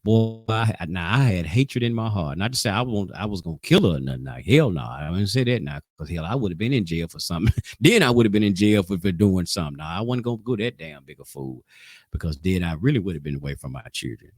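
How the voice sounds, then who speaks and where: A man's voice: deep voice, animated, fast talker, no echo, studio quality. A man leading an informal Sabbath Bible class, talking loosely and conversationally, pushing hard on key points and stumbling through restarts. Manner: loose and conversational, rising and falling in emphasis, with frequent restarts.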